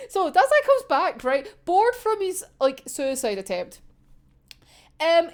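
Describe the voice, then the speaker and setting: A young woman talks in a high, bouncing voice that leaps all over. She rambles and swears freely, laughs often, and fills her talk with fillers. The delivery is a loose, off-the-cuff chat. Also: sing-song, takes it slowly, long pauses. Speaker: manga reviewer. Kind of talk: casual chat.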